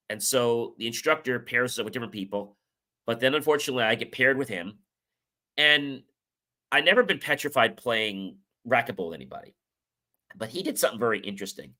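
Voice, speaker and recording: A man's voice: medium pitch, pushed and bright. A man hosting a motivational talk, telling personal stories casually and acting out the dialogue. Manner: casual storytelling, acts out quoted dialogue. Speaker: show host.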